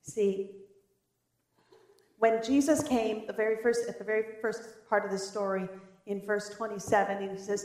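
Woman pastor, sermon, high voice, echoey church. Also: moderate pace. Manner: lively, animated storytelling. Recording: roomy church echo.

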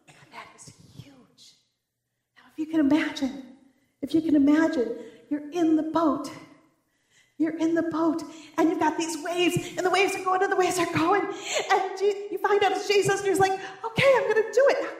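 A woman pastor preaching a sermon, telling the story in a lively, animated way. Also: high-pitched. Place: church. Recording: roomy church echo.

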